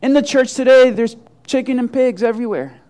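A pastor delivers a sermon in a strikingly high voice. He tells his story with vivid voices for each part. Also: fairly quick, a little mellow. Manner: storytelling preacher, acting out voices.

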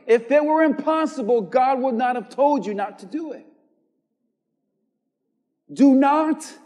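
A man preaching a sermon as pastor, swinging from quiet, measured lines to shouted emphasis. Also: very high-pitched, big-room sound. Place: church.

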